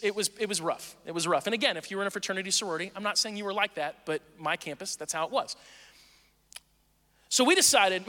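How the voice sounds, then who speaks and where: A man in his forties telling a personal story in a casual, animated way, acting out the people in it. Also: high-pitched. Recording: long hall reverb.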